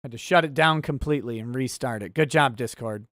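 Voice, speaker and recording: A man hosting a relaxed livestream, reading viewer chat aloud and answering in a rambling, easily sidetracked, wry way. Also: mid-range voice, brisk, dry recording, studio quality.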